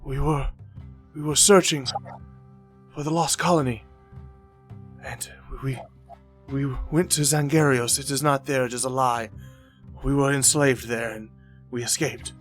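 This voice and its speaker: A man voicing a frail, frightened old man who stammers and hesitates in a high, quavering voice. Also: steady tone, soft background music, close to an everyday voice. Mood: weary. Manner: halting, stammering.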